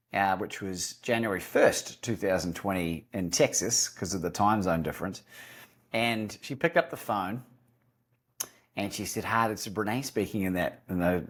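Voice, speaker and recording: An Australian man, a guest on an interview podcast, telling a story and acting out phone calls. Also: on the low side.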